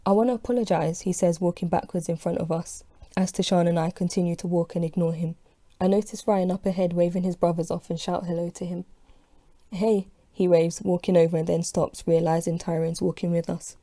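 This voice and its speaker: A woman's voice: fairly low pitch, little pitch movement, fairly quick, mellow, no room sound, studio quality. A woman reading her own novel aloud as an audiobook, telling it in the first person with expression. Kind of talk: audiobook narration.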